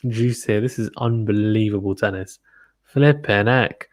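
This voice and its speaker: A man giving excitable live play-by-play tennis commentary, gasping and exclaiming at big points. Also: mid-range voice, normal speed, no echo, studio quality.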